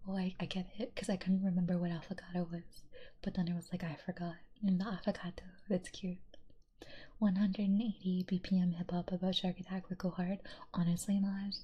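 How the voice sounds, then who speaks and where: A young woman streamer reading chat aloud in a soft, giggly whisper, in a whispered role-play style. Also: fairly low pitch, little pitch movement, fairly quick, husky, lo-fi sound.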